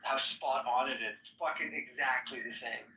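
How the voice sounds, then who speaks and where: A man's voice: mid-range voice, fairly even intonation, moderate pace, sharp tone, reverberant, far from the mic, highs cut off, slight background noise. A man in casual chat, loose and profane, teasing and filling his talk with "like". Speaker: guest.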